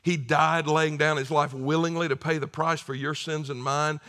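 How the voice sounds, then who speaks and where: Bright, lively middle-aged male pastor preaching. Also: fairly high pitch, moderate pace. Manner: emphatic, humorous, conversational preaching. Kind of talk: sermon.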